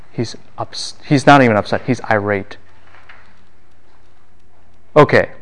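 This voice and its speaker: Man lecturing a class with questions. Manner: asks the class questions and answers them himself; acts out the quoted lines with big jumps in pitch and volume. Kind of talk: university Bible lecture.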